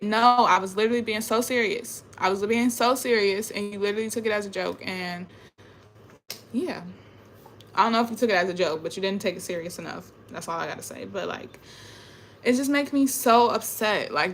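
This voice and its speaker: A young woman talking in a casual, emotional, rambling monologue, swearing often and trailing off quietly. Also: medium pitch, a little hiss or hum. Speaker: spiritual vlogger.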